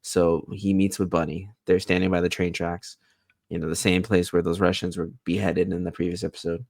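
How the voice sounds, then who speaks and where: A deep-voiced man with a gravelly edge, chatting through a TV episode recap. He retells scenes loosely with plenty of fillers and laughs. The sound is dry and close. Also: little pitch movement, brisk, dry recording. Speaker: recap show co-host. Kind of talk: casual TV recap chat.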